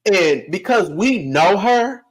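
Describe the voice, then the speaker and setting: A man, a podcast guest, telling a family story in a casual, animated way, laughing often and acting out other people's voices. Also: high-pitched, takes it slowly, rough recording.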